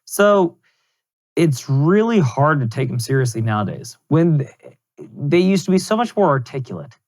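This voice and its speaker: A man's voice: on the high side, big pitch swings, normal speed. Wry, casual male podcast co-host. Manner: wry, joking, loose and conversational. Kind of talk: casual political chat.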